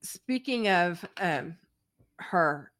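A woman co-hosting a podcast, agreeable and quick to laugh, often chiming in with short affirmations during casual chat. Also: lowish voice, lively intonation, a bit bright. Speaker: podcast co-host. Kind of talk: casual reality-TV recap chat.

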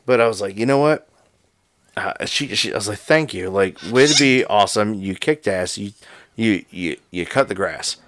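A man's voice: on the low side, normal speed, no room sound. Swearing man spinning a rowdy yarn. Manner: profane, animated storyteller. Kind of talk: casual storytelling chat. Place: home, drinking whiskey with a friend.

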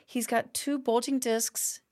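A woman hosts a faith-based teaching podcast in a fairly high voice, speaking close to the mic. She talks expressively and slips into acted-out complaining prayers. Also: fairly even intonation, slow, darkish tone. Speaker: podcast host.

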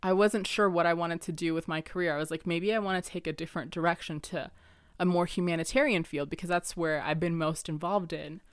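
A woman's voice: fairly low pitch, fairly even intonation, brisk, clear, resonant tone, dry recording, clean studio sound. A young woman hosting her own show, talking earnestly and personally in a rambling way, laughing now and then and using lots of fillers. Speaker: podcast host. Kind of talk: personal reflective monologue.

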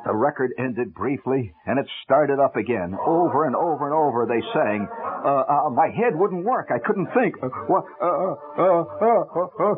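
A male storyteller spinning a funny first-person tale, wry and animated, with a fairly high voice that swoops widely in pitch. He sounds thin and tinny, like an old radio broadcast, with music playing underneath. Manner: wry, animated, rapid swings from loud to hushed.

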